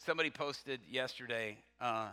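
A man preaching a sermon, reading scripture aloud with lively asides, laughing often and questioning his listeners. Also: medium pitch, moderate pace, clear, resonant tone. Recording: long reverb from a hall.

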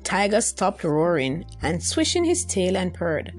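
A woman narrating a folktale in an expressive, lively storytelling manner. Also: on the low side, a little slow, soft background music.

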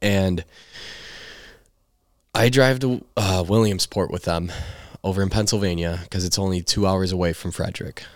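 A man in his twenties, a podcast guest, tells his story in a casual, animated way, swearing freely and saying "like" often. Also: deep voice, moderate pace, dry recording, clean studio sound. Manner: animated, profane storytelling with lots of "like". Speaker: podcast guest, baseball player.

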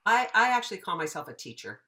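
A woman's voice: medium pitch, quick pace. A woman in her fifties, a voiceover teacher, chatting in an interview and acting out the dialogue in her stories. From United States. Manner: animated, acts out quoted dialogue. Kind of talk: casual storytelling interview.

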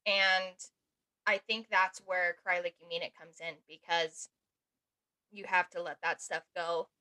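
Bright-voiced woman in her thirties. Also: fairly low pitch, measured pace. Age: 30s. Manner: animated, acts out quoted voices. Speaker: podcast co-host. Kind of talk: casual conversation.

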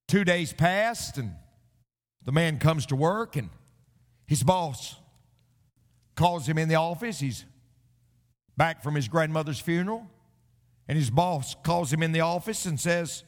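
A male pastor delivers a sermon in a high, animated voice that leaps around in pitch. He mixes jokey stories with scripture and stumbles into the odd restart. The sound carries a long reverb from a church sanctuary. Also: measured pace, long pauses. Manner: storytelling preacher mixing jokes with scripture, animated delivery; occasional stammering restarts.

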